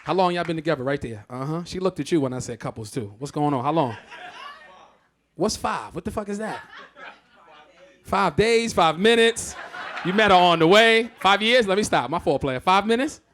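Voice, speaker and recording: Lively, high-voiced stand-up comedian man. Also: moderate pace, a little hiss or hum. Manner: loud, exclamatory, profane storytelling. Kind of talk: live stand-up set. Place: theatre stage.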